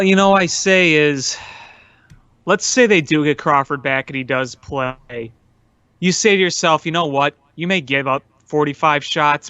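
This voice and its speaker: A chatty man riffing on sports with a co-host, laughing easily. His voice sits a bit high, and the recording is dull, lo-fi and dry. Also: pushed and bright, clean tone, dry recording. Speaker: podcast co-host. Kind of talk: casual sports talk chat.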